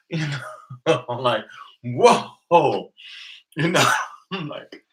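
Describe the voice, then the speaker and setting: A man's voice: a little high, big pitch swings, extremely slow. An American man in his thirties, chatting casually with viewers late at night from home, telling rambling stories and laughing often. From United States. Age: 30s. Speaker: livestream host.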